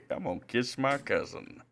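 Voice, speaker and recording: A man's voice: mid-range voice, measured pace, a bit bright, slight background noise, close to an everyday voice. A man impersonating a rambling, boastful old drunk baseball announcer.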